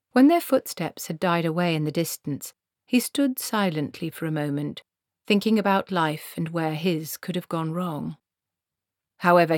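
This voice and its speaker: A woman reading a comic fantasy novel aloud in a wry, expressive storytelling manner. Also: deep voice, no echo, studio quality. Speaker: audiobook narrator. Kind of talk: scripted narration.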